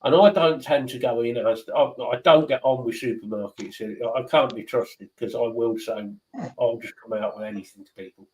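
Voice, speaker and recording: A man's voice: mid-range voice, moderate pace, low-quality recording. A man who hosts a casual stream chat and tells blunt, swearing stories. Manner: swearing, blunt, animated storyteller. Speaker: stream host.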